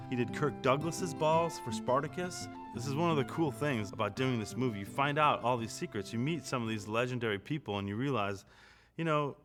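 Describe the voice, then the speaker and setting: A man talks as an actor in a mock interview, deadpan and earnest as he boasts with a straight face. His voice sits at a middle pitch, and music plays clearly behind him.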